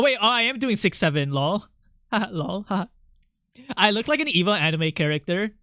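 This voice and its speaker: A young man streaming while he draws, chatting casually and excitably, laughing often and swearing now and then. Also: sits high, no echo, studio quality. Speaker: art streamer. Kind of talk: casual live-stream chat.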